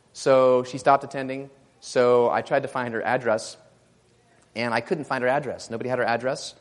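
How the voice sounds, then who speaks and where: A man preaching a sermon, telling a story and rising to loud exclamations. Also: mid-range voice, fairly even intonation, normal speed, vocal fry, big-room sound.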